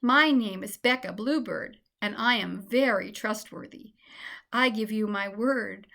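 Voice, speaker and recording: Woman doing a storybook bluebird, female, soft, lilting, reassuring. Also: mid-range voice, a little slow, creaky. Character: lovely, trustworthy female bluebird.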